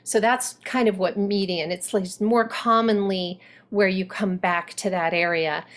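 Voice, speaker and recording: A woman dialect coach teaching an acting workshop, explaining in a measured, explanatory way. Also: medium pitch, steady tone. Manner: measured, explanatory, with brief demonstrations.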